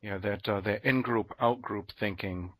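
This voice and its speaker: Casting: male podcast host, husky and dry, stumbling a bit over questions. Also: lowish voice, steady tone, unhurried, fairly bright tone, no echo. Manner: hesitant questions with restarts. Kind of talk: conversational podcast interview.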